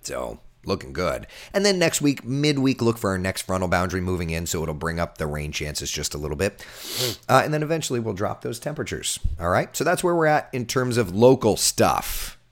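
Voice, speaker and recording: Hoarse weatherman with a deep voice, loose and jokey while chatting with viewers. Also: very animated, brisk. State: hoarse, voice recovering. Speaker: TV meteorologist hosting a live chat. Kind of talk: casual live-stream chat reading viewer comments.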